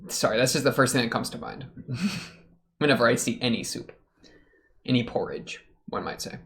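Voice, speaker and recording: A man's voice: medium pitch, gravelly. A young man hosting an anime reaction video, talking casually and joking in muttered asides as he watches.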